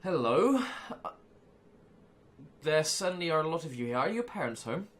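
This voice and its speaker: A man's voice: a little high, very animated, moderate pace. A man voicing a stern, officious female police detective inspector.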